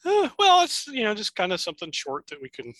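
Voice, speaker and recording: A man's voice: sits high, bright, forceful tone, dry recording, poor audio. A man co-hosting a podcast, chatting casually and laid-back over a video call, chuckling and hesitating often. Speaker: podcast co-host. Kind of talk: casual chat.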